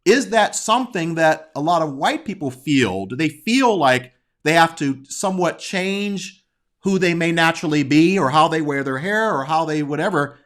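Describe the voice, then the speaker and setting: A man in casual conversation, explaining earnestly and haltingly, often restarting his sentences. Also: fairly high pitch, lively intonation, fairly bright tone. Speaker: discussion guest.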